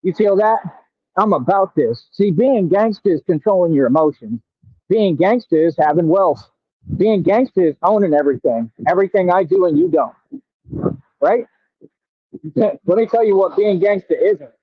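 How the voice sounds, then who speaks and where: A brash, boastful man rants at his critics in a high, confrontational voice. The sound is tinny and phone-like, and very dry with no room around it. He drags out words slowly when he wants them to land. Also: lively intonation, dry recording. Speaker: radio show host. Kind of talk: combative live-stream rant at commenters.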